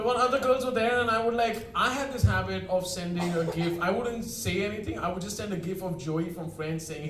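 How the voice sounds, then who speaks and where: A man's voice: high voice, normal speed, long pauses, background noise. A man from India performing a stand-up set, telling self-mocking stories to a live crowd. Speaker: stand-up comedian. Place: comedy show venue. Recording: echoey room, far mic, crowd audible.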